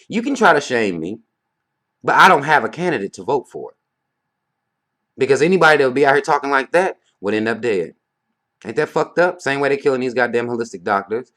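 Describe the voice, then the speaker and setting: A man's voice: mid-range voice, sing-song, a little fast, a bit bright. A man ranting bluntly to camera in a vlog, heated and profane, firing off rhetorical questions. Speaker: vlogger. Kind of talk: casual rant to camera.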